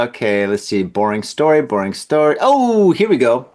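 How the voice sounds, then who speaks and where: A man's voice: medium pitch, big pitch swings, unhurried. A man hosting a podcast, reading odd news stories and riffing on them with joking asides. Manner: reads headlines then riffs with laughing asides. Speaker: podcast host. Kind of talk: jokey news commentary podcast.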